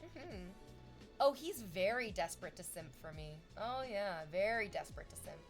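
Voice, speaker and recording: Animated, foul-mouthed young woman streamer. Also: normal speed, soft background music. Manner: animated, swearing freely, swooping up into high excited bursts. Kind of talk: casual chat with viewers.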